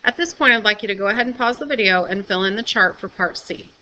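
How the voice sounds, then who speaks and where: A woman teacher giving a recorded video lesson, explaining patiently and clearly and often checking with "okay?". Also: medium pitch, fast talker, sharp tone, rough recording.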